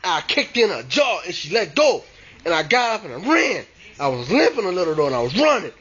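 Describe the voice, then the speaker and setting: A man with a very high, bright voice tells a scary story. His pitch leaps all over as he acts out the screams. The recording is dull and lo-fi, with faint noise underneath. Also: very animated, a little fast, breathy edge. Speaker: vlogger. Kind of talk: casual spooky storytelling.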